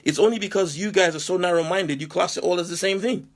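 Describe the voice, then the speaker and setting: Heated British man, gravelly and high. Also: quick pace. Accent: British English. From England. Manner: heated, rhetorical questions, repeats himself. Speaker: commentator responding to a critic. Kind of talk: impassioned monologue.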